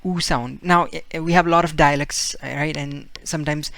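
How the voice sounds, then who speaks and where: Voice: medium pitch, steady tone, a little fast, vocal fry, a bit bright. A patient language teacher talking through a casual video lesson, repeating each example word over and over to model the sound. The delivery is loose and unscripted, and the voice sits in a middle register. The recording is close and dry, with no room echo. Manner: patient, repeats words many times to demonstrate sounds; loose, with frequent fillers and restarts.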